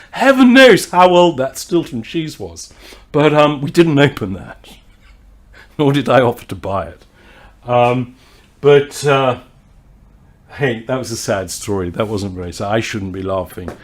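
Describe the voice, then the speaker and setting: A man hosts a wine tasting, telling a story in a chatty, rambling way full of fillers and restarts. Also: medium pitch. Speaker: wine society host. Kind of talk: casual anecdote and wine tasting talk.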